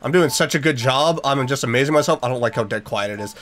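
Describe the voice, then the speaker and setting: A man's voice: mid-range voice, fast talker, a bit bright, soft background music. A man giving let's play commentary, jumpy and reactive, talking to the game's characters and using mild minced oaths. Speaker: gaming YouTuber.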